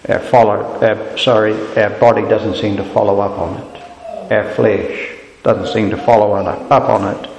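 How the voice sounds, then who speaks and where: A man's voice: lowish voice, level tone, a little slow, darkish tone, dull audio, a little hiss or hum. A man preaching a sermon in an earnest, reflective way. He lifts his voice sharply whenever he quotes a cry of despair. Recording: echoey hall with long reverb.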